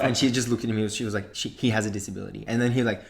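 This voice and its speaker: A man's voice: on the low side, fast talker, creaky, a crowd in the background. A young Australian man, a podcast co-host, telling a long story in casual chat and swearing freely along the way.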